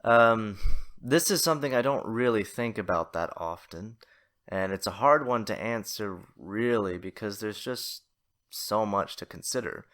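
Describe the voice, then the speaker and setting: On his solo podcast, this man talks a little slowly in an expressive, low-leaning voice that's a bit bright and somewhat nasal. His casual monologue rambles, with self-deprecating humor and frequent fillers and restarts.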